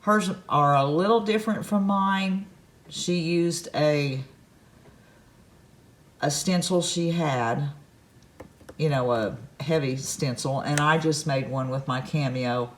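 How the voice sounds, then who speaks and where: A woman's voice: low-pitched, takes it slowly, long pauses. A woman talks to her viewers from her home kitchen in a loose, chatty way. She rambles, drifts off topic and tosses in folksy asides as she shows her crafts. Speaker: crafts vlogger host. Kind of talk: casual chat to camera.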